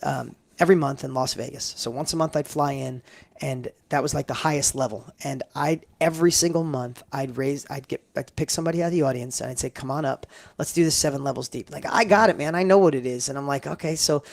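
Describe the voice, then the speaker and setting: A man's voice: mid-range voice, steady tone, fast, creaky, darkish tone, dry recording. A middle-aged man telling a personal story as a guest in an interview, emphatic and building up with repeated phrases. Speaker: guest entrepreneur.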